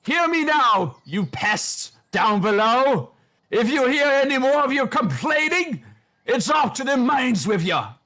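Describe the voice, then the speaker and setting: A man shouting as a cranky old undead puppet tyrant. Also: high voice, expressive, a little slow, voice pushed up, full character voice. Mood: grumbling, gleeful. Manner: shouting, complaining.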